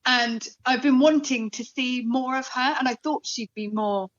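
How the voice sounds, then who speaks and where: A woman's voice: high-pitched, measured pace. Chatty woman, dull lo-fi recording. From Bristol, England. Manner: chatty, animated. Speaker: podcast co-host. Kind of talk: casual chat.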